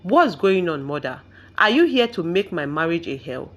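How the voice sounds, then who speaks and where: A woman's voice: lowish voice, very animated, moderate pace, fairly bright tone. A desperate young wife, pleading through tears, as a woman narrator reads her. The voice rises and falls widely and sounds strained with hurt. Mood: upset. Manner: pleading, tearful.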